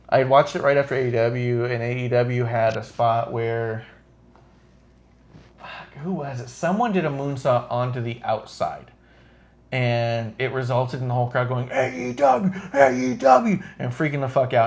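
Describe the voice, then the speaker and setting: A man's voice: mid-range voice, normal speed. A man co-hosting a casual wrestling podcast, swearing freely and acting out what wrestlers and referees said. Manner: profane, animated, acts out quotes. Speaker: podcast co-host.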